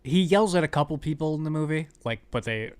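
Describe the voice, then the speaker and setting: A man's voice: on the high side, lively intonation, fast talker. A man hosting a podcast, chatting casually and enthusiastically about a movie, acting out scenes as he goes. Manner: enthusiastic, acts out scenes in quoted voices. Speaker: podcast host.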